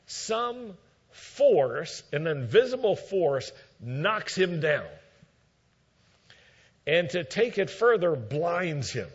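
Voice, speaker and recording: A man preaching a sermon, teaching in a measured way and acting out quoted lines with emphasis. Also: fairly high pitch, lo-fi sound.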